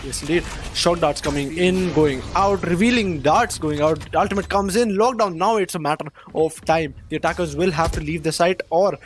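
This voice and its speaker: High-voiced excitable male esports caster. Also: normal speed. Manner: excitable, rises sharply on big plays. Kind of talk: play-by-play commentary.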